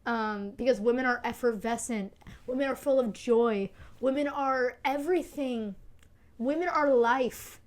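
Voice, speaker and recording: A woman's voice: a little high, unhurried. Rambling, swearing young woman podcaster. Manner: rambling, emphatic, swears freely, frequent fillers. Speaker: podcast host. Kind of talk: casual solo chat. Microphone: seen recording on camera.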